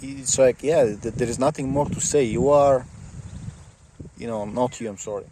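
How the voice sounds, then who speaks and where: A man rants to the camera in a loose, rambling way with a sarcastic, mocking edge. His voice sits at an everyday middle pitch for a man. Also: normal speed, background noise. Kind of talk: casual rant to camera.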